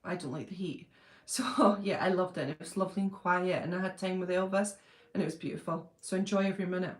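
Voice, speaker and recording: A woman's voice: fairly low pitch, fairly even intonation, quick pace. A woman hosting a casual live stream, chatting, laughing often and reading out viewer comments. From Britain. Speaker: channel host reading live chat. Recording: roomy echo.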